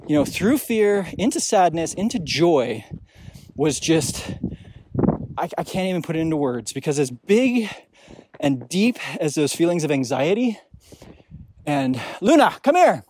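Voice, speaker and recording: A young man hosting a podcast, telling a deeply personal story in a reflective, emotional way with frequent restarts. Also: a little mellow, a little hiss or hum. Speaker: podcast host. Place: outdoors on a snowy mountain.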